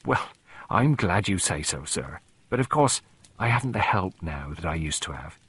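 Guy doing a rambly old-school cook lady, husky, voice swings up and down a lot. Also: low voice, sing-song, normal speed, fairly bright tone, full character voice. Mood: chatty. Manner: rambling, confiding, fond of old ways. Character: chatty old-fashioned female cook, homely.

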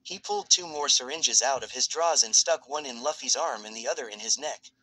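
A man reading fan fiction aloud as a narrator in a steady, even storytelling voice. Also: mid-range voice, fairly quick, low-quality recording.

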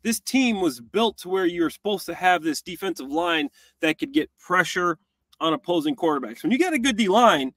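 Male co-host, former player, high-pitched, animated and casual, dry close mic. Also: normal speed, no echo. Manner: animated, acts out plays in quoted voices. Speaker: co-host, former tight end. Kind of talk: casual football breakdown chat.

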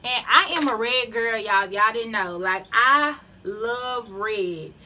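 A young Southern US woman with a high, bright, forceful voice talks viewers through her shopping haul. She sounds a little winded, keeps calling her audience y'all, and laughs between her sentences. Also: slow. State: out of breath. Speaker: beauty vlogger. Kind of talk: casual haul vlog.

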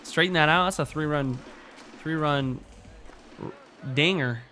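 A young man giving excitable, profane gameplay commentary as a let's play host, talking to himself as he plays. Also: fairly high pitch, measured pace, a little hiss or hum.

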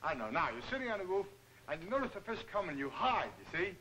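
An actor playing a cheerful, dim-witted boxer who rambles earnest slangy nonsense, in 1940s film comedy acting. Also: male voice, high-pitched, sing-song, fast, sharp tone, a little hiss or hum, exaggerated voice, rough recording.

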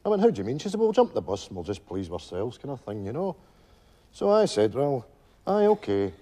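An old Glasgow widower. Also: male voice, medium pitch, very animated, brisk, warm tone. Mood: wistful storytelling. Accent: Glaswegian Scottish. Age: older. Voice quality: husky, rambling with many "you know" asides. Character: old widowed Glasgow pensioner, gentle and rambling. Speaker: stage character telling a story to friends. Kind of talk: stage comedy monologue.

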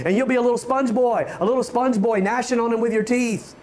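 A man preaching a fervent sermon as pastor, often stammering on restarts and building to shouts. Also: very high voice, steady tone, quick pace, few pauses.

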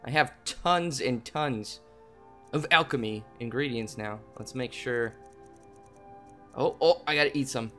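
A young man hosting a game play video, talking to viewers in a goofy way and breaking into loud yelps and yells. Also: medium pitch, unhurried, pauses often. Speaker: gaming channel host. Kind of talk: let's play commentary. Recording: game music playing softly behind.

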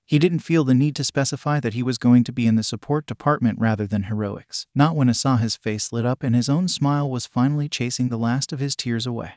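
A man reading a fan fiction story aloud in an even, plain storytelling voice. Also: medium pitch, a little fast, few pauses, no echo, studio quality. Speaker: narrator.

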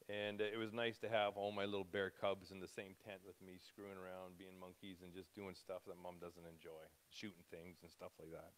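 A man's voice: on the low side, a bit bright. A man in his fifties giving an informal church talk, rambling and self-interrupting, openly emotional as he speaks. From Canada. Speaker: preacher.

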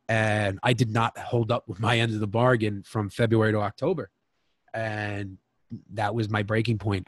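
A man's voice: on the low side, no echo. A man as a podcast guest, telling a candid personal story in a frank, emotional way and swearing freely.

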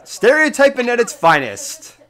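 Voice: medium pitch, wildly swooping pitch, moderate pace, fairly bright tone. A friend on a let's-play stream, talking casually in a blunt, exasperated way. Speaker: co-player friend.

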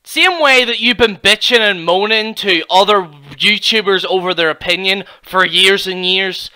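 A man's voice: sits high, normal speed, sharp tone, clean tone. A man giving heated, mocking reaction commentary, swearing constantly as a YouTube commentator.

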